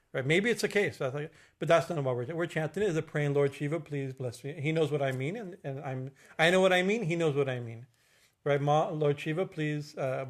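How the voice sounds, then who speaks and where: A man delivers a temple discourse in a slightly raised voice. He halts often, restarts his sentences, and keeps asking "right?" He slows down to chant Sanskrit verses. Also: a little high. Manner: halting, many fillers and restarts, tag questions. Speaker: swami giving a discourse. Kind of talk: religious discourse on worship.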